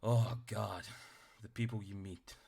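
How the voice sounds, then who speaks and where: A man's voice: lowish voice, fairly even intonation, measured pace, vocal fry, a little mellow, breathy edge, exaggerated voice. A man voicing a tired, grumbling male soldier in armor. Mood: weary.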